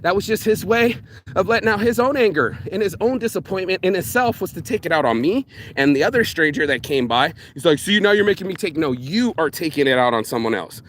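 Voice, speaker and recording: A man ranting casually to camera, profane and animated, swinging between loud mocking quotes and low, intense asides. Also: brisk, slight background noise. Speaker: vlogger.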